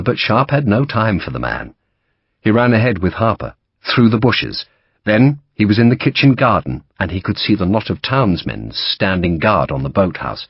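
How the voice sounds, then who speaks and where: A man narrating an audiobook in a lively storytelling manner, giving each character a voice. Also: fairly low pitch, moderate pace, gravelly, slightly rough, dry recording. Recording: dull dry audiobook recording.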